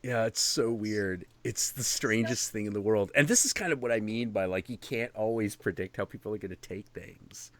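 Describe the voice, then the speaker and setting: A man's voice: fairly low pitch, normal speed, hardly any pauses, no room sound. A man hosting a stream, chatting casually with loose swearing. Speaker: stream host. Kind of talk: casual profane chat.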